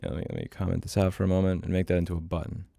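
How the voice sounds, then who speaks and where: A middle-aged man with a very low, gravelly voice talks casually on a coding livestream. He is blunt and swears freely, often muttering to himself. The sound is dry and close, with no room echo. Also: little pitch movement, rapid-fire, mellow. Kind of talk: casual livestream chat while programming.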